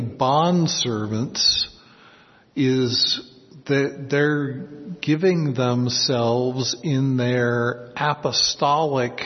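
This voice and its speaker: A man teaching through a Bible passage verse by verse, slowly explaining words and stressing the key ones. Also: medium pitch. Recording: dull sound with long hall reverb.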